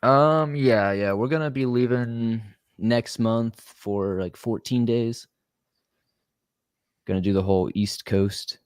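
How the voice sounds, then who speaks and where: A man's voice: medium pitch, takes it slowly, smooth, no echo, clean studio sound. A young man, a metal singer and podcaster, chatting easily as a guest and laughing often. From Florida. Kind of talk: casual interview chat.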